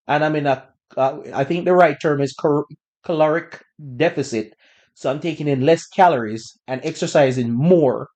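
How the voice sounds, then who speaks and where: A man hosting a podcast, telling a personal story in a relaxed, conversational way with bursts of laughter. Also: fairly high pitch. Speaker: podcast host. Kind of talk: casual storytelling.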